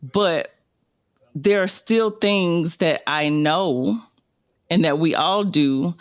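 A woman's voice: on the low side, dry recording, clean studio sound. A woman co-hosting a podcast, talking things through in a thoughtful, self-correcting way. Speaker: podcast co-host. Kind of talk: casual discussion.

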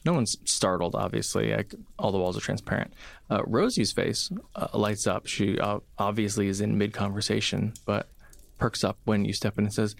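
A man narrating a tabletop game as game master, in a casual, relaxed way with many fillers. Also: fairly low pitch, moderate pace, gravelly, no echo.

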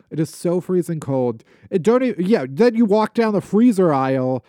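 Animated man ranting comically. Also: sits high, normal speed, no echo, clean studio sound. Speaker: podcast co-host. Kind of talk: comedic casual chat. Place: podcast studio.

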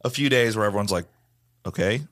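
A man's voice: fairly low pitch, a bit bright. A man co-hosting a podcast, chatting casually and tossing in wisecracks. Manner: joking, quick with wisecracks. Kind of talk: casual chat.

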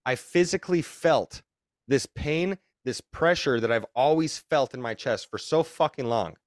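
A man's voice: mid-range voice, a little slow, no room sound. Young man, podcast guest, rambling and profane, dry close sound. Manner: rambling, profane, emphatic retelling. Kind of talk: casual podcast storytelling.

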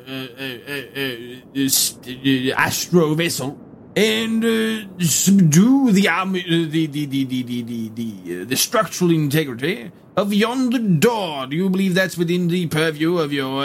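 A man playing a pompous, formal gentleman adventurer in a tabletop role-play game. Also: on the high side, slight background noise. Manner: pompous, formal old-fashioned diction.

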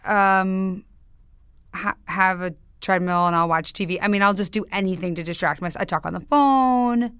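A woman's voice: medium pitch, moderate pace, fairly bright tone, clear, resonant tone, no room sound, studio quality. A woman guest in a casual podcast chat, chatty and self-deprecating, laughing often.

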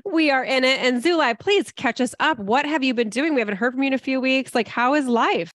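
A woman co-hosting a podcast in casual chat, telling anecdotes and acting out quotes, dropping soft on asides. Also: sits high, brisk, no room sound, studio quality. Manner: chatty, drops soft on asides, acts out quotes. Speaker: podcast co-host.

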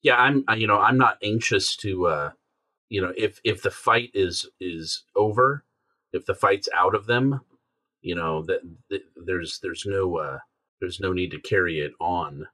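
A man's voice: low voice, a little slow, pushed and bright. A man playing a tabletop game, hesitant and full of fillers as he thinks aloud. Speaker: player. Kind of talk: casual tabletop play.

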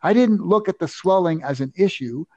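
An older man telling a personal story as an interview guest, animated, emphatic and self-assured. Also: high-pitched, normal speed, no room sound, highs cut off. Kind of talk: anecdotal storytelling.

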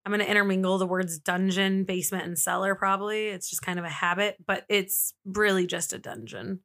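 A woman's voice: mid-range voice, steady tone, a little fast, fairly bright tone. A woman hosting a podcast, telling a true-crime story in a casual, chatty way with lots of "like" fillers. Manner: chatty, frequent "like" fillers, laughs easily. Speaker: podcast host.

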